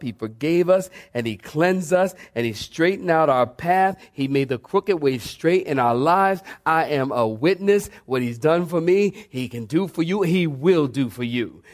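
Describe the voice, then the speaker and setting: A male pastor preaching a sermon to a congregation, swinging between soft emphasis and fervent, high-pitched exhortation, sweating as he goes. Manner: preaching with rising fervor and dramatic pitch swings. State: sweating from exertion.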